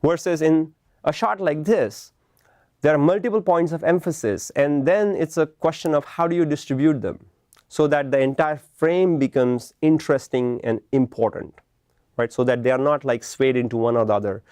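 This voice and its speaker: A man with a slightly high, somewhat mellow voice lectures a class on film composition at a moderate pace. He explains things patiently, tagging his points with "right?" to check in. The recording is studio quality with no echo.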